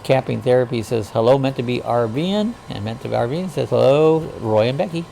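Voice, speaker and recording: Gravelly folksy man hosting a livestream. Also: mid-range voice, expressive, a little fast, warm tone, a little hiss or hum. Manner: folksy, greets viewers with howdy; rambling, frequent uh fillers. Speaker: livestream host. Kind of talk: casual chat, reading viewer comments.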